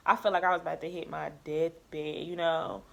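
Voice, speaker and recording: A young nursing student tells her story candidly and animatedly, swearing a lot in a casual storytelling chat. Her voice sits low and gravelly at a moderate pace, with a lo-fi sound.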